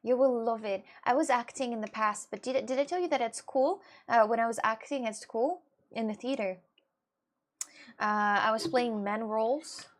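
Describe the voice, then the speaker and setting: A woman's voice: on the high side, normal speed. A woman with a chatting casually to her viewers, rambling and restarting with many fillers. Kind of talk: casual chat.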